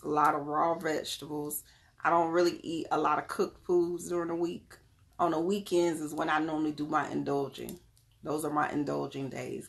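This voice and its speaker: A woman's voice: low voice, creaky. Chatty woman talking to her viewers. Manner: chatty, lively, often laughing; talks straight to the audience. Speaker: wellness vlogger. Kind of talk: casual chat to viewers.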